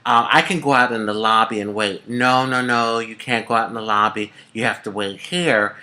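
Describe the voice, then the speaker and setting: A middle-aged woman from the United States telling a personal story to camera in a chatty, expressive way, often calling the listener honey. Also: extremely low pitch, normal speed. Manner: chatty and expressive, calls viewers honey, swoops up for emphasis. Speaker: vlogger.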